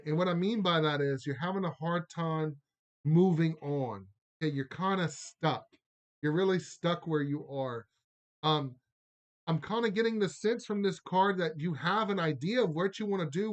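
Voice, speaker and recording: Louisiana man with a Cajun accent, slightly high pitch, casual rambling live-stream card reader. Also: lo-fi sound. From Louisiana, Lafayette area. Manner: chatty, rambling, drawling "y'all", laughs often.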